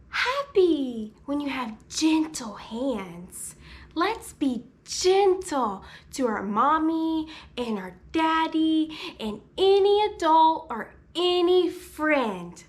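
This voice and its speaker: A woman who hosts videos as a speech therapist, teaching toddlers in an exaggerated sing-song voice with lots of gasps. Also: high-pitched.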